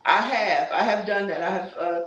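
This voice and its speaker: A woman's voice: mid-range voice, moderate pace, fairly bright tone, roomy sound, lo-fi sound. A woman in her sixties hosting a casual live stream, chatting with viewers and reading their comments aloud, with churchy asides. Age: 60s. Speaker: YouTube host reading live chat.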